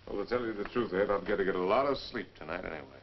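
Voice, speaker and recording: An actor playing a dutiful young cavalry officer who talks in a clipped, dry, understated way, in 1950s western film acting with a dull old film soundtrack. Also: male voice, sits low, fast, a little hiss or hum.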